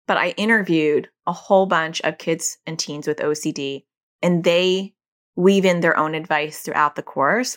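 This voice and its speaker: A middle-aged woman, a mother and parent educator, explaining casually and acting out quoted lines in a higher voice. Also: a bit bright. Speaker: parent educator teaching about OCD.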